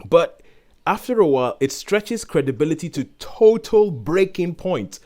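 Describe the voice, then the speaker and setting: Exasperated man giving an animated review. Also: unhurried. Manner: animated, exasperated, acts out quotes in sudden high voices. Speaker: podcast co-host reviewing a series. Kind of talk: casual opinionated review chat.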